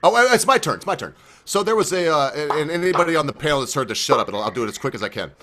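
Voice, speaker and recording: A man hosting a casual joke-swapping chat, loud and profane and often laughing. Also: on the high side, expressive, rapid-fire. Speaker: host.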